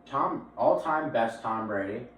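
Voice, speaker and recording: A man's voice: medium pitch, lively intonation, unhurried, a bit bright. A young man co-hosting a casual sports podcast, rambling with restarts and lots of laughter. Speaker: podcast co-host. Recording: echoey room, far from the mic, faint noise.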